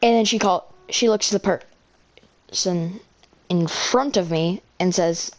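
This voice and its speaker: A teenage girl with a slightly low voice rambles through a school story between moves in a game. She stumbles over words and restarts constantly, filling gaps with "uh" and "like". It sounds like a casual, unscripted storytime. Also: measured pace. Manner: rambling, filler-heavy, self-correcting. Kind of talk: casual storytelling while gaming.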